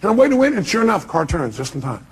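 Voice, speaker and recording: Very husky, fast-talking man. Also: high voice, rough recording. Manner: animated storyteller acting out dialogue. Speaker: motivational speaker. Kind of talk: live seminar talk.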